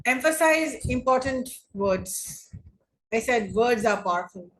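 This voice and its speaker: Woman, English teacher, online lesson; unhurried, repetitive phrasing, slightly high voice. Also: expressive, rough recording. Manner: slow, deliberate, repeats and rephrases points. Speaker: English lecturer. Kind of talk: online class lecture on debating.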